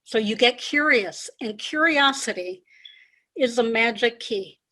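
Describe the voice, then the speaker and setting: A woman executive coach, a podcast guest, explaining ideas in a measured way and repeating key phrases. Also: fairly high pitch, lively intonation, pushed and bright. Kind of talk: conversational interview.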